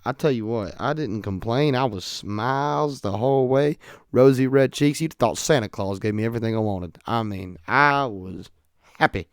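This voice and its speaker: Smooth-voiced guy telling stories. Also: medium pitch, normal speed, no echo, clean studio sound. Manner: animated, swings between loud outbursts and quiet asides. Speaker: podcast host. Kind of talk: casual storytelling monologue.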